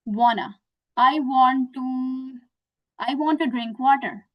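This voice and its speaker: A young woman gives an online lesson. She speaks slowly and patiently, with a fairly high voice, and walks through example after example. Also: fairly even intonation, rough recording. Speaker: English teacher.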